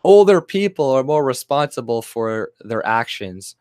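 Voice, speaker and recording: Man ranting, profane and rambling, middle pitch, dry close sound. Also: sing-song, measured pace, hardly any pauses, darkish tone, smooth, no echo. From Canada. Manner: angry, rambling, sweary, many fillers and restarts. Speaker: vlogger.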